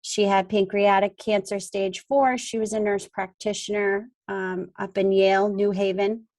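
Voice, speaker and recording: A woman's voice: mid-range voice, flat delivery, a little slow, a little mellow. A woman leading a team huddle, urging callers on with motivational talk on a video call.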